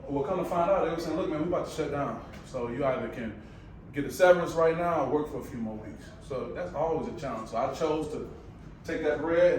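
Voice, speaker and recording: A man with a Michigan accent gives a motivational presentation to a live audience, picked up from across a very echoey room. His voice sits a little high, and he talks in a loose, animated storytelling way, turning aside to chat with the crowd. A soft hum of the room stays behind him. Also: distant mic.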